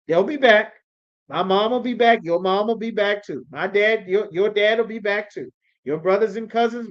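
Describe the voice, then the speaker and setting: A man's voice: sits high, a bit bright. A man teaching a scripture class in an emphatic, sermon-like way, often checking that his listeners understand. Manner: emphatic, repeatedly asks "you understand?". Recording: dull lo-fi recording.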